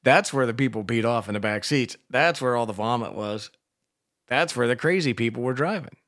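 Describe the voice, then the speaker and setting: Here the radio co-host is an older Washington, D.C. man with a medium-pitched, somewhat bright voice and a fairly quick delivery. Swearing freely, he tells meandering stories amid easygoing banter, recorded dry and clean in a studio.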